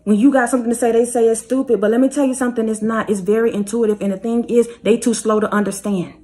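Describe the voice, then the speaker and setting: A woman's voice: fairly high pitch, steady tone, quick pace, warm tone. A woman speaking passionately to her viewers, repeating her points and urging them directly. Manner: fervent and repetitive, urging listeners directly. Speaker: spiritual reader. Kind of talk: passionate motivational address to viewers.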